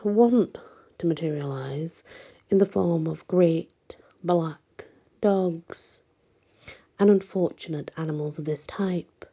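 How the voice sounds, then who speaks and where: A woman narrating an old legend in a deep, unhurried voice that keeps dropping to a hushed whisper. Her tone is mellow and husky, building a dark, spooky mood. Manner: dramatic, often sinking to a breathy whisper. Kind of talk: reading a folk legend aloud.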